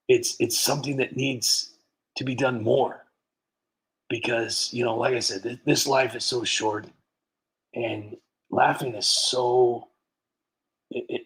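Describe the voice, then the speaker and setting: This livestream host has a mid-range, fairly bright voice, caught on a rough recording. Slightly tipsy from wine, he jokes and rambles through viewers' names in an informal stream, laughing frequently.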